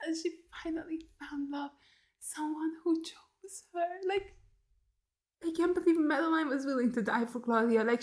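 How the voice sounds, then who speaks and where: A woman giving casual reaction commentary on a TV episode, blunt and heavily profane, upset and exasperated, firing rhetorical questions and filling her talk with "like". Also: high-pitched. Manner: blunt and heavily profane, talking straight at the screen. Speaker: YouTube reactor watching a TV series.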